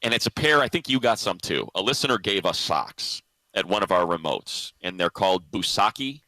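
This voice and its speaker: Male sports radio host, casual storytelling, bright tone, dry studio sound. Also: low voice, lively intonation, moderate pace, no echo, low-quality recording. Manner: storytelling with frequent laughs.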